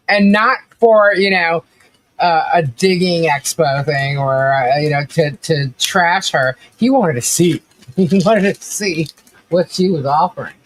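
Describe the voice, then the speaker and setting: Laughing, chatty woman streamer. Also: lowish voice. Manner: animated, laughs often, chatty and quick asides. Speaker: livestream commentary host. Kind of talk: casual live-stream chat, reading viewer comments.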